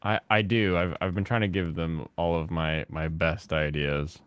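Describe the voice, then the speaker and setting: A man with a fairly low voice hosts a laid-back chat as he plays, drifting from thought to thought. He stops and restarts often and fills his gaps with "uh" and "like". The sound is dry and close. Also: level tone, smooth, no room sound. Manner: rambling, halting with many fillers. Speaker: host. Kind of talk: casual chat while gaming.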